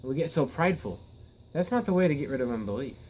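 A man's voice: medium pitch, animated, fast, darkish tone, slight background noise, low-quality recording. Earnest preacher man, emphatic bursts. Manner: earnest, repeats words and restarts, rises to emphatic peaks. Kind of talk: Bible teaching sermon.

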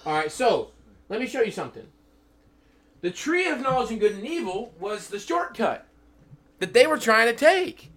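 A man's voice: extremely high pitch, sing-song, moderate pace, long pauses, fairly bright tone. A man in his thirties teaching from the Bible to a small group, emphatic and full of questions to his listeners. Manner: emphatic, repeatedly calls for attention, asks the listeners questions.

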